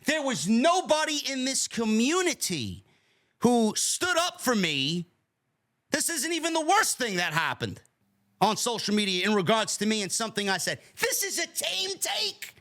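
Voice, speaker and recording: High, animated, fired-up man ranting. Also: normal speed. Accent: New York. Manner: angry, profane, rising to shouts. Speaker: podcast host. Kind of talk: heated podcast rant.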